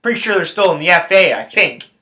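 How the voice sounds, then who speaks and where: A man on his own sports podcast rants with fury, swearing constantly and hammering the same phrases over and over. His voice sits a bit high for a man and comes out bright and tense. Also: expressive, quick pace. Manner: angry, heavy swearing, repeats phrases. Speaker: podcast host. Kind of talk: profane sports rant.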